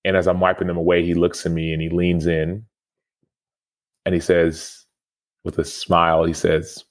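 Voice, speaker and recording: A man in his thirties speaks with a notably low pitch. He is a podcast guest and former football player, earnest and reflective as he tells a personal story. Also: completely flat delivery, moderate pace, long pauses. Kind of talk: storytelling interview answer.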